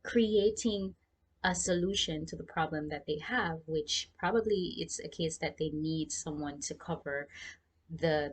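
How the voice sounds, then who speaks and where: A young woman with a Jamaican accent shares work tips in a relaxed vlog. Her voice sits a little low. She sounds chatty and speaks straight to the viewer. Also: slightly rough. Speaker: freelancing vlogger. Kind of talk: casual advice vlog.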